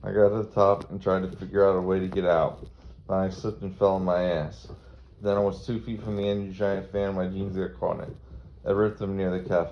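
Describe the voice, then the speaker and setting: A man from Maryland telling a rambling, crude stand-up story. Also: low-pitched. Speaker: comedian. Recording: dull lo-fi recording with faint noise.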